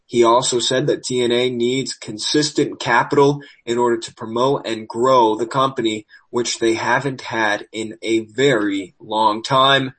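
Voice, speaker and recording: A man's voice: medium pitch, steady tone, a little slow, few pauses, fairly bright tone, low-quality recording. A man hosting a podcast, reading wrestling news with sarcastic asides, losing his voice. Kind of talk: casual news commentary.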